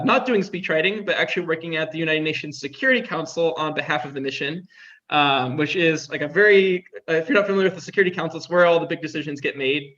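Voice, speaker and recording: A man's voice: a little high, a bit bright. Young guy rambling through a story, fillers everywhere, kinda muffled lo-fi audio. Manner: chatty, heavy use of "like" fillers. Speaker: interview guest. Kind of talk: casual storytelling. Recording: dull lo-fi sound.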